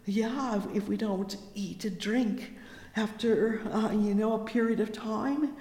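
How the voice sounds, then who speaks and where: A preacher delivering a sermon with fervent, drawn-out cries of "oh yes" and "oh my". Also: medium pitch, darkish tone, roomy sound, in a large hall.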